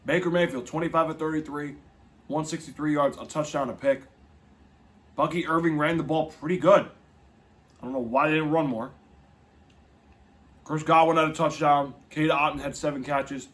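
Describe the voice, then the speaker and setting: A man's voice: on the high side, steady tone, normal speed, long pauses, a bit bright. A young man hosting a casual football podcast, ranting in an exasperated, profane, emphatic way. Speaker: podcast host. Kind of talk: casual sports podcast rant.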